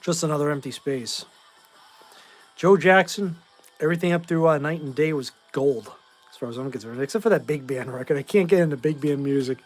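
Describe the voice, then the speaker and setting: A man's voice: fairly high pitch, fairly quick, faint music behind. A tired man in his forties from Massachusetts, hosting a casual livestream and talking bluntly and in rambling fashion as he answers chat. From Massachusetts, USA. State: tired, short on sleep.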